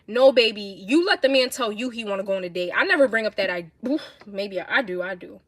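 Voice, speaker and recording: A young woman with a New York accent, livestreaming and telling blunt, animated stories in casual chat. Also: medium pitch, fast talker, no echo. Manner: blunt, animated, swears a lot.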